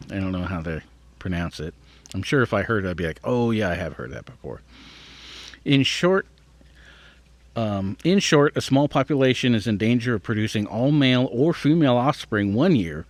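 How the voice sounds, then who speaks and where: A lowish male voice, recorded without echo, belongs to a podcast host reading an article aloud. He pauses to add his own reflections and trips over the harder words.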